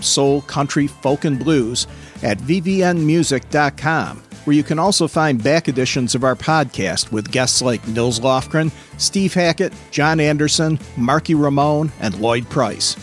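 A man's voice: medium pitch, moderate pace. Guy hosting a podcast, reading the outro plainly, faint music behind. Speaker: podcast host. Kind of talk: interview and scripted outro.

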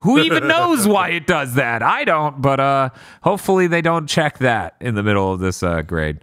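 A man's voice: mid-range voice, wildly swooping pitch, moderate pace, a bit bright, dry recording. A man hosting a casual podcast, spinning stories in a blunt, profane way. His voice sits mid-range and is recorded close and dry, with no room sound. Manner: storytelling, blunt, swears freely. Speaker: podcast host.

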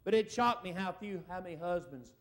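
A man's voice: sits high, a little fast, a bit bright. A middle-aged man preaching a folksy revival sermon in a church, calling out for amens from the congregation. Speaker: evangelist. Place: church service.

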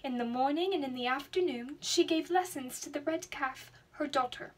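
A young woman reading a children's storybook aloud in an expressive, dramatic way. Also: sits high, normal speed. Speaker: student reader.

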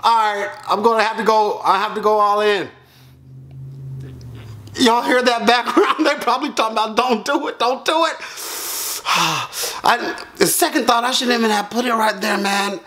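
A man vlogging to camera in a casual, animated way, calling his viewers y'all and yelping and groaning as he peels a painful mask. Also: high-pitched, normal speed, pauses often.

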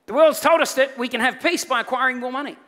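A middle-aged man, preaching a sermon and telling a funny personal story, animated and often laughing. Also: extremely high pitch, fast talker. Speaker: pastor. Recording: long hall reverb from auditorium.

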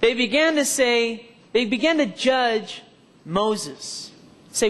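Male preacher with a strikingly high voice, testifying and calling for amens; sermon heard in a church hall with a long echo. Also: animated, slow, a bit bright.

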